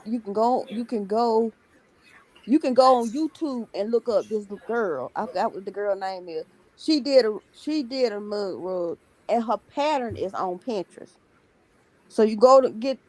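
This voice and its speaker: A woman in a relaxed, informal chat, explaining crochet patterns plainly and laughing at herself. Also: medium pitch, rough recording. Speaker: guest on a livestream. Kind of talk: casual chat.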